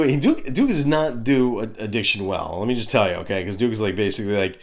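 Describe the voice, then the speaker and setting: A man's voice: on the low side, lively intonation, fast talker, few pauses. A man in his fifties giving a crude, ranting comedic review of a cartoon.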